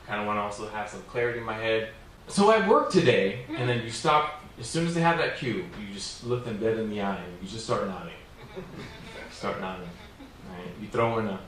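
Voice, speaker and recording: A man's voice: fairly low pitch, a bit bright. A man doing stand-up comedy at a small venue, telling stories in a rambling, self-mocking way full of "like" and "you know.". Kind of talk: stand-up storytelling. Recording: very echoey room, distant mic, faint noise.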